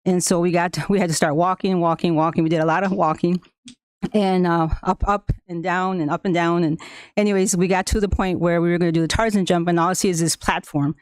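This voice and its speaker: A woman's voice: fairly low pitch, fairly even intonation, a little fast, clear, resonant tone, dry recording, clean studio sound. A woman whose first language is Spanish, a school staff member telling the board a personal story, with many fillers and restarts and frequent laughs. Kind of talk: personal account at a public meeting.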